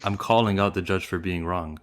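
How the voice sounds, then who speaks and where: A man's voice: deep voice, fairly even intonation, brisk. A man co-hosting a podcast who pushes back in brief, skeptical replies during a casual debate. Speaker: podcast co-host.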